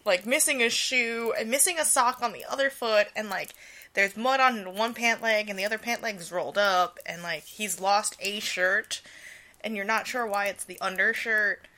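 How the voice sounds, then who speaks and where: A woman's voice: mid-range voice, moderate pace, sharp tone. A young woman co-hosting a casual podcast, rambling through stories with lots of "like" and frequent laughs. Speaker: podcast co-host.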